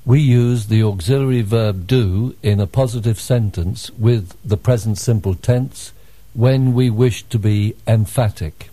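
A man's voice: on the low side, warm tone. A man answering a teacher's questions in full textbook sentences during a language drill. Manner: slow, careful, textbook answering.

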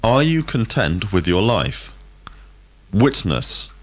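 A man teaching vocabulary, asking drill questions in a clear, deliberate way. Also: lowish voice, sing-song. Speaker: language teacher. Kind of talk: scripted drill lesson.

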